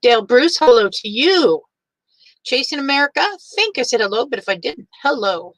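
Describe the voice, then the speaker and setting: An older woman hosting a casual livestream. She greets each viewer by name in a warm, chatty way and is teary. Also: high voice, sing-song, normal speed, dry recording, poor audio.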